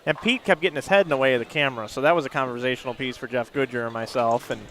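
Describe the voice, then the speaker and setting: A man's voice: mid-range voice, rapid-fire, fairly bright tone. A man doing live bowling play-by-play from a booth, chatty and prone to rambling anecdotes. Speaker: lead bowling commentator. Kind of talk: live sports commentary. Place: commentary booth at a bowling center.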